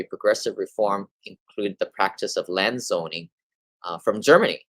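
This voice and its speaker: A deep-voiced man talks through a monthly real estate market update in a loose, casual way. He rambles a bit, piling up fillers and restarting his sentences. The sound is dry and close, with no room around it. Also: dry recording, rough recording. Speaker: real estate investing host.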